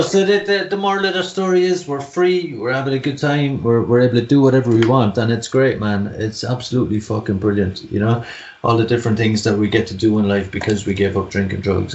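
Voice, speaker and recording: A man's voice: fairly low pitch, reverberant, lo-fi sound, slight background noise. An Irish man chatting on a podcast over a video call, telling stories with laughs and the odd swear word. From Ireland. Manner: animated, laughing, swearing storyteller. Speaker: podcast co-host. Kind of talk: casual chat.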